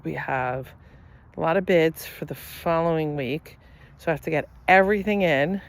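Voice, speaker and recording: A woman's voice: sits low, moderate pace. A middle-aged woman talking in a rambling, chatty way while walking her dog outdoors. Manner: rambling, chatty, many fillers. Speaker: vlogger. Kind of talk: casual chat.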